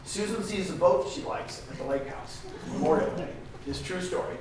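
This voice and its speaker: In a large conference room, an older man addresses a live audience with an emphatic motivational speech, using repetition for effect. His voice sits high and his pace is moderate. The mic is far away in an echoey hall, with a slight hiss or hum.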